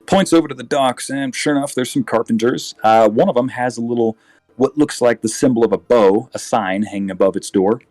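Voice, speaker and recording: A man narrating as game master in a tabletop game, relaxed, with frequent fillers and self-corrections. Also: mid-range voice, fairly quick, dry recording, faint music behind.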